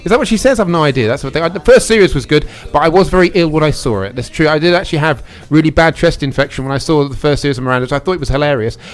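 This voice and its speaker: English male radio host, quick rambling chat, high-pitched, rapid delivery. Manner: rambling, self-mocking, quick asides. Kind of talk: casual studio chat. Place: local radio studio.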